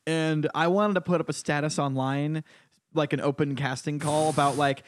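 A man's voice: a little high, fairly even intonation, normal speed, slight background noise. A man hosting a podcast in casual banter, rambling with fillers and laughing often. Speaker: podcast host.

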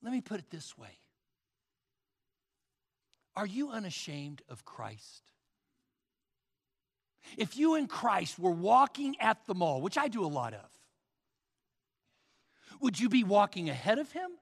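A high, bright male pastor preaching with a gravelly edge, pacing his words slowly. He swings from forceful calls to hushed near-whispers. His voice carries with a long hall reverb. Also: very animated. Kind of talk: sermon.

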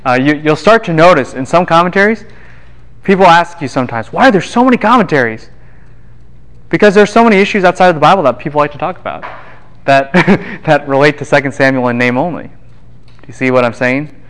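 A man's voice: on the high side, fairly quick, a bit bright, rough recording. Guy lecturing a class, laid back and jokey, tosses in little made-up quotes. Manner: casual, quips and acts out voices of students and scholars. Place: university classroom.

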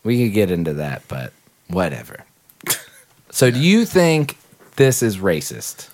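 A man's voice: deep voice, wildly swooping pitch, measured pace, a little mellow. A man co-hosting a podcast in casual chat, rambling and trailing off between jokes. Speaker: podcast co-host.

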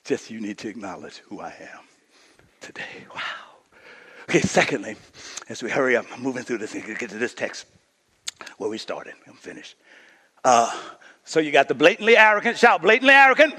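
A man preaching a sermon as pastor, emphatic, swinging from hushed lines to shouted ones. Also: on the low side, animated, moderate pace, pauses often, slightly rough. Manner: emphatic preaching, drops to near-whisper and rises to shouts. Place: church sanctuary. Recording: long hall reverb.

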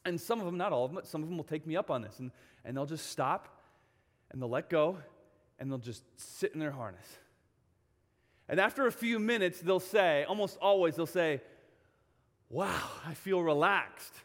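Male pastor, emphatic storytelling sermon, slightly high voice, reverberant church hall. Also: animated, brisk. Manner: storytelling, emphatic with repeated phrases.

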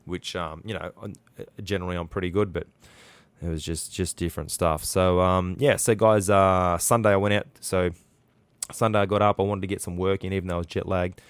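A man's voice: deep voice, steady tone, fairly quick, clean tone, dry recording. An Australian man hosting a podcast, telling a story in a chatty, rambling way with lots of fillers and restarts. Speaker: podcast host. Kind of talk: casual storytelling.

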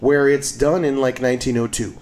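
A man co-hosting a podcast in casual chat, jokey and quick to laugh. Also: mid-range voice, over a noisy crowd. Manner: jokey, laughs often, animated. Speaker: podcast co-host. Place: home.

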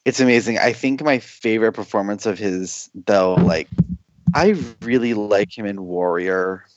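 A man on a film podcast panel, talking thoughtfully and in a measured way. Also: on the low side, dry recording, muffled recording. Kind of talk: casual chat.

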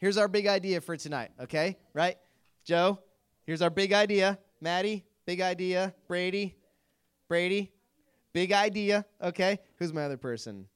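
A man's voice: sits high, normal speed, clear, resonant tone. A young man, a youth pastor, giving a casual Bible talk to a youth group, filling his speech with "like" and quizzing his listeners. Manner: chatty, lots of "like", quizzes the group.

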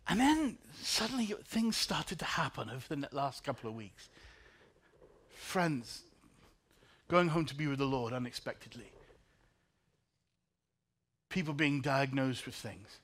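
A man preaching a sermon, telling a personal story in soft, quiet tones that rise into emotional peaks, and repeating key lines for the congregation. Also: medium pitch, lively intonation, unhurried, pauses often, slightly rough. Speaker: pastor.

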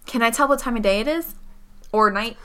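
Woman player, bright tone, slightly high, chatty. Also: a little fast. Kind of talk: casual chat.

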